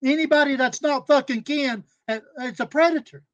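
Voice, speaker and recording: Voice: sits high, normal speed, no room sound, highs cut off. Aggravated, profane ranter. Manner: aggravated, profane, repetitive scolding. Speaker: live stream panel host. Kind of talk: angry livestream rant.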